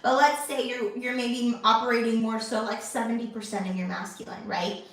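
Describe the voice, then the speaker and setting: A woman's voice: fairly high pitch, steady tone, normal speed, a bit bright, far from the mic, slight background noise. A young adult woman hosting her own channel, talking casually to camera, chatty and full of fillers and restarts. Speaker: lifestyle channel host. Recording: echoey room, voice off-mic.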